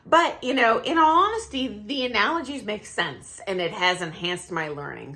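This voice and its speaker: Woman, middle-aged, medium pitch, casual to-camera talk, chatty, hesitant, laughs easily. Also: sharp tone. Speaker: ballroom dance coach.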